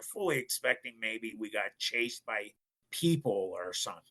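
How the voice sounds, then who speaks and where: A man's voice: fairly low pitch, expressive, normal speed, sharp tone. A middle-aged man from Ohio, a podcast guest, telling his story animatedly and acting out other people's voices. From Ohio, United States. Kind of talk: casual storytelling.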